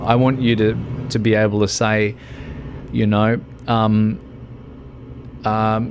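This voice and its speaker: Low-voiced rambling male streamer. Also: steady tone, takes it slowly, noisy background. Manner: rambling, laughs often, chatty. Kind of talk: casual chat during a game stream.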